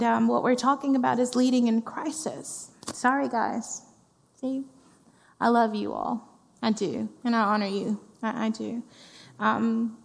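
A woman executive pastor with a fairly high, gravelly voice and darkish tone gives a conversational, heartfelt sermon. She repeats phrases for emphasis, and her words echo through the reverberant church sanctuary.

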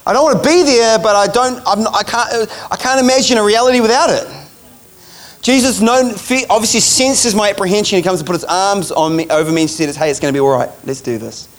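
A man's voice: high-pitched, moderate pace. A man preaching a sermon, telling a vision story in a casual, chatty way and laughing along.

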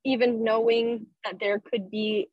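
A young woman goes over the scenes slowly, and she sounds moved. Her voice is a little high. The sound is close and dry. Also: little pitch movement, no room sound, dull audio. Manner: emotional, unhurried recounting. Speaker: podcast guest. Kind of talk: casual chat.

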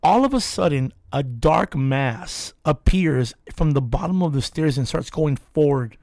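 Man, gravelly, slightly high voice, casual storytelling, acts out quotes, swears, dry close sound. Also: lively intonation, a little slow, darkish tone, no echo.

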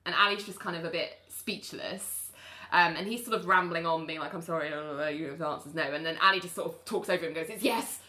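Female podcast host, low and bright, chatty recapper who quotes every character. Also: fast. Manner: animated recapper, voicing characters' lines and laughing. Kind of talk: casual chat.

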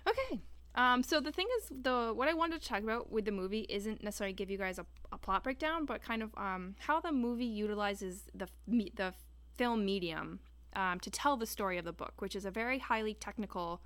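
A woman's voice: medium pitch, expressive, a little fast, fairly bright tone, clean tone. Rambling young woman podcast co-host. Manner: rambling, many restarts and fillers. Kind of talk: casual chat.

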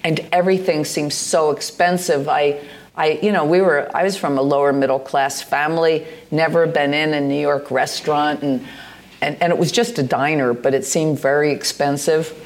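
A woman's voice: deep voice, steady tone, normal speed. A woman in her sixties from the United States, a guest in a live on-stage conversation, telling stories in a meandering, hesitant way with many fillers and restarts. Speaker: interview guest, poet and artist. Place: live venue stage with an audience.

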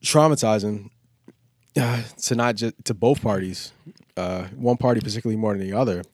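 Laid-back low-voiced man rambling. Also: normal speed, a little mellow, no echo, clean studio sound. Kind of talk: casual chat.

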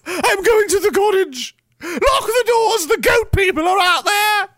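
A man putting on a hysterical, panicking male government official, sobbing and shouting. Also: extremely high pitch, steady tone, measured pace, vocal fry, voice pushed up, exaggerated voice. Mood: panicked.

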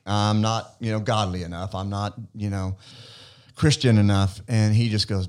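Low-voiced man telling his story. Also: steady tone, normal speed. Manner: earnest, reflective storytelling. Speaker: guest. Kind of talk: testimony in a faith podcast conversation.

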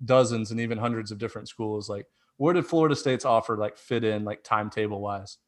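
A man's voice: on the low side, fast. A man co-hosting a casual podcast, asking long, rambling questions full of fillers. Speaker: podcast co-host.

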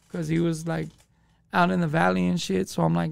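A man's voice: a little high, little pitch movement, fairly quick, vocal fry. A man, telling a story as a podcast guest in profane street slang. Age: 20s. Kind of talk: casual storytelling.

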